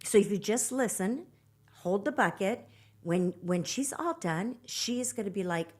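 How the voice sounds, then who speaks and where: An earnest woman coaching on relationships in a podcast chat, with a voice of middling pitch. She speaks emphatically and slips into little acted quotes to show what to say. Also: expressive, a little slow, a little mellow. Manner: earnest, emphatic, acts out quoted lines in dialogue. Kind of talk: podcast conversation giving advice.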